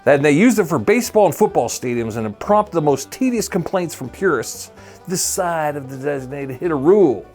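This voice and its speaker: A man's voice: on the high side, animated, fairly quick, darkish tone, faint music behind. A man co-hosting a podcast, chatting casually in a rambling, profane way. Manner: rambling, profane, repeats himself. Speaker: podcast co-host. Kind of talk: casual banter.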